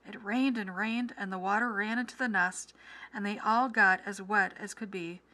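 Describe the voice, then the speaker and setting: A woman teacher reading a children's story aloud with clear, expressive delivery, then walking through comprehension questions. Her voice is bright and crisp. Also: medium pitch, normal speed.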